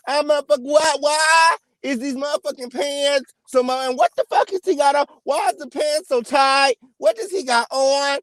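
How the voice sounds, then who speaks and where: A man hosting a celebrity gossip channel, giving an emphatic, profanity-heavy rant with sudden loud outbursts. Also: very high voice, moderate pace, hardly any pauses, no room sound, studio quality. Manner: profane, emphatic, repeats "okay?" and "period". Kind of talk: ranting celebrity gossip commentary.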